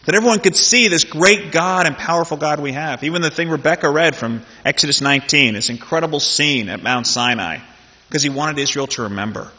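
Male pastor, chatty sermon delivery, husky voice in a dull, echoing church hall. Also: fairly high pitch, fast talker, pushed and bright. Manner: conversational, joking asides, repeats phrases. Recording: dull lo-fi sound in a reverberant hall.

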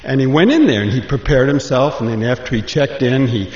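A man speaking as guest preacher, telling a joke as an animated storyteller who jumps to high voices for his characters. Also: a little fast. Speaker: guest speaker, ministry chaplain. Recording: echoey hall, dull lo-fi sound.

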